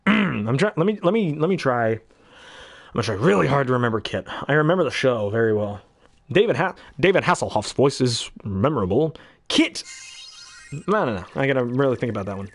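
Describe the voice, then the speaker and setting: This man's medium-pitched voice is animated and a little fast, captured in a clean studio with no echo. An amateur voice actor, he chats and rambles about voices he loves between impressions, with plenty of ums and throat-clearing.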